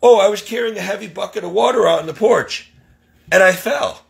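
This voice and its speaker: A man's voice: sits high, fairly quick, creaky, pitched above the performer's own voice. A man voicing a frail, whiny, defensive older woman who complains and makes excuses. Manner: whining, self-pitying.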